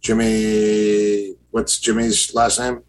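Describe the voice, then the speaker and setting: A man's voice: on the low side, completely flat delivery, slow, rough recording. A man, a guest and former fighter, telling long stories in a casual chat, rambling with fillers and restarts and acting out what others said. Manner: rambling, many fillers and restarts, acts out quoted exchanges.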